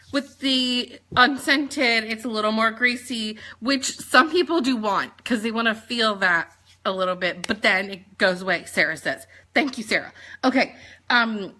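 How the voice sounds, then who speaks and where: A woman, chatting casually through a product rundown with quick jokes and asides. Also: mid-range voice, pushed and bright. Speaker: sales consultant presenting products.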